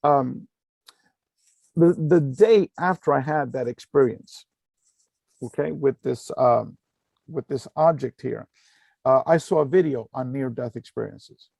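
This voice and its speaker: A man's voice: mid-range voice, measured pace, vocal fry, pauses often, a little mellow, dry recording. Middle-aged man, dry close sound, earnest storyteller with lots of ums. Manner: earnest, full of fillers and repeated phrases. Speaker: speaker giving a talk. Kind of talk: personal storytelling talk.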